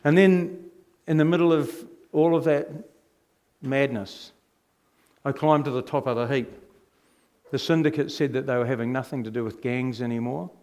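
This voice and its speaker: Middle-aged New man, mid-range voice, animated testimony speaker who throws rhetorical questions at the room. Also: medium pitch, moderate pace, long pauses. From New Zealand. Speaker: speaker giving his testimony. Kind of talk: personal testimony storytelling.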